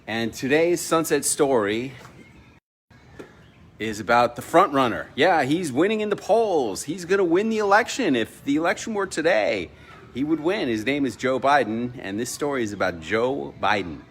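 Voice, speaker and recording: A middle-aged man hosting a casual vlog from his home, telling a personal story with lively delivery and acted-out dialogue. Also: mid-range voice, moderate pace, slight background noise. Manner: animated storyteller, acts out quoted dialogue. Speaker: vlog host. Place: home in Mexico.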